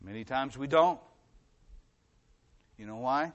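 This is a middle-aged man giving a sermon from the pulpit as pastor, stacking up his points by repeating them and alternating between loud emphasis and hushed passages. He speaks in a high, sing-song voice, unhurried, with long pauses.

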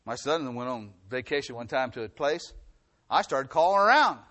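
A middle-aged pastor preaches a sermon, building his points through repetition and moving between loud emphasis and hushed, quiet passages. His medium-pitched voice has lively intonation and a normal pace.

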